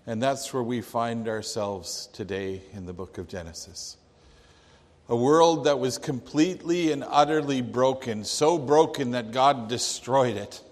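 Slow-speaking preacher in a reverberant hall. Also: male voice, mid-range voice. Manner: storytelling, slow and deliberate with restarts. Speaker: pastor. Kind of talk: sermon.

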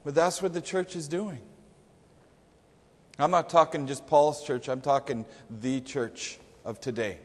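A man in a church sanctuary preaching a sermon, talking in a conversational yet emphatic way and putting questions to the congregation. His voice sits somewhat high for a man, and it trails into a long reverb from the hall around him. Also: steady tone, a little slow. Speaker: pastor.

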